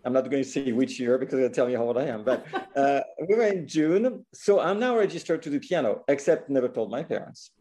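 A man with a thick French accent spins a lively tale of his childhood, talking fast and slipping into the voices of the people he quotes. His tone is low, warm and mellow. He laughs easily as he goes. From France. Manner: animated storyteller, acts out quoted voices, laughs often. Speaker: guest, pianist. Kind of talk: conversational storytelling interview.

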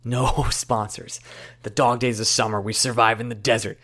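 A young adult man hosting a casual sports podcast, joking and bursting into loud excited outbursts. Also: medium pitch, normal speed. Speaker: podcast host.

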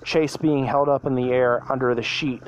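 A man's voice: medium pitch, fairly even intonation, normal speed, muffled recording. A man reading a fan story aloud as narrator, often tripping over words and correcting himself mid-sentence. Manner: stumbling, self-correcting reading.

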